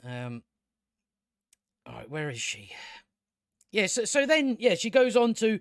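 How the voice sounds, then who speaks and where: A man's voice: sits high, big pitch swings, takes it slowly, long pauses, dry recording, clean studio sound. A young man ranting through a casual TV review, exasperated, sweary and repeating himself. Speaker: TV review vlogger.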